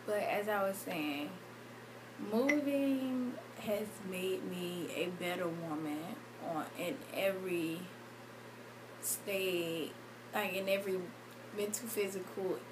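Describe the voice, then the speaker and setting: A young woman, crying as she tells a personal story in a vlog, halting with many pauses and restarts. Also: mid-range voice, background noise. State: tearful, crying. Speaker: vlogger.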